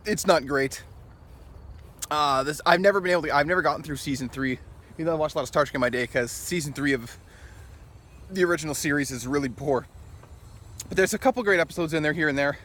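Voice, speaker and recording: A man's voice: a little high, fast, pauses often, a bit bright. A man talking in a casual opinion vlog, rambling and opinionated and often chuckling, recorded outdoors in a city. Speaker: vlogger.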